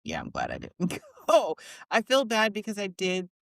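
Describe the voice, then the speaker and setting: A woman's voice: mid-range voice, wildly swooping pitch, moderate pace, gravelly, dry recording. A woman hosting a podcast, chatting casually and laughing often. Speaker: podcast host.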